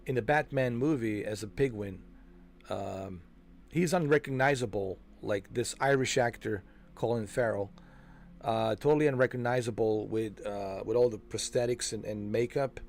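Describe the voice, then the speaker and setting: A man's voice: mid-range voice, normal speed, darkish tone. A man hosting a game walkthrough, chatting loosely and rambling, throwing in "man" and "dude" and correcting himself as he hunts for names. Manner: frequent fillers and self-corrections while searching for names. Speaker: gaming channel host. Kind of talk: casual chat over a game walkthrough.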